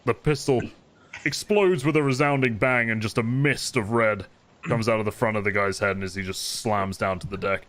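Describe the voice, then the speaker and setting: A man narrating a tabletop game as game master, relaxed and descriptive. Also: lowish voice, normal speed.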